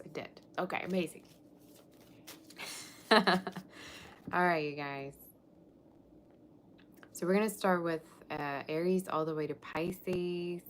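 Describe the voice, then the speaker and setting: A woman's voice: on the low side, a little hiss or hum. A woman tarot reader chatting casually on a live stream, scattered and often interrupting herself.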